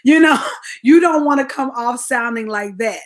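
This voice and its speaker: Chatty energetic woman coaching live. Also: a little high, normal speed. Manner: energetic and chatty, laughs often, restarts sentences. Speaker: branding coach hosting a live stream. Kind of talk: casual live-stream teaching talk.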